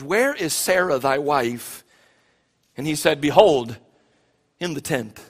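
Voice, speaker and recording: A man's voice: fairly high pitch, a bit bright, big-room sound. A male pastor preaching a sermon, pressing his listeners with repeated emphatic questions and frequent restarts.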